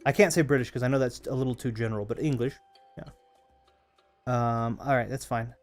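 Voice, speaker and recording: A hoarse man streaming a game, chatting casually with viewers in a rambling, self-correcting way. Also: mid-range voice, fairly even intonation, a little fast, faint music behind. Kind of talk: casual live-stream chat over gameplay.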